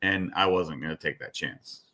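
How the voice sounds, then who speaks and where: A middle-aged man, a fishing guide, telling stories in casual, animated and profane podcast chat. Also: very deep voice, normal speed.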